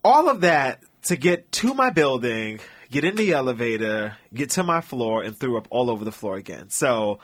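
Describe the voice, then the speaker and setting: A man's voice: medium pitch, very animated, normal speed, hardly any pauses. A young man co-hosting a podcast, telling a long story in casual chat, laughing and acting out what people said. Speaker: podcast co-host.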